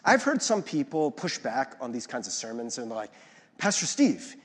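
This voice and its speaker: Animated husky male pastor preaching. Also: medium pitch, a little fast. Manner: animated and conversational, often checking in with the audience. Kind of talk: sermon. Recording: long reverb of a large hall.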